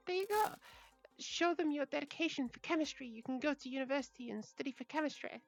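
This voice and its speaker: A young British woman with an English accent chats casually with her livestream viewers, reading their messages and laughing often. Her voice is high and she talks fast; the highs are cut off and faint music plays behind her.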